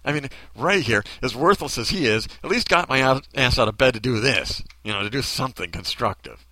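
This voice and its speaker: A man's voice: medium pitch, expressive, a little fast, sharp tone, dry recording. A man delivering a bitter, sarcastic ranting monologue full of rhetorical questions.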